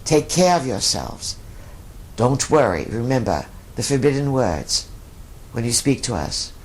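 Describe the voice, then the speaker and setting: A man's voice: medium pitch, sing-song, measured pace. A man speaking as a collective voice in a channeling session, using emphatic, repeated lists. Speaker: channeled speaker answering questions.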